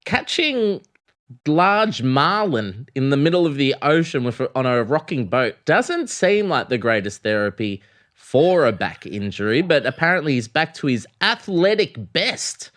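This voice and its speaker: A man's voice: fairly high pitch, very animated, unhurried, fairly bright tone. A man with an Australian accent, co-hosting a casual comedy sports podcast and teasing playfully. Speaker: comedian co-host.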